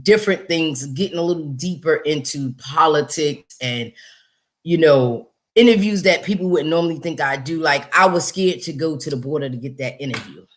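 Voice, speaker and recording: Woman hosting a livestream, lively and emphatic, laughs a lot. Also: deep voice, normal speed. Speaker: host and interviewer. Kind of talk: casual livestream chat.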